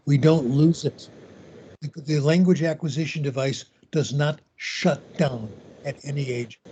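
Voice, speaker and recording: Older man, husky voice, storytelling lecturer, dull lo-fi call audio. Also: a little high, a little mellow. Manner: conversational, storytelling, unhurried. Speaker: guest lecturer. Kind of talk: lecture with anecdotes.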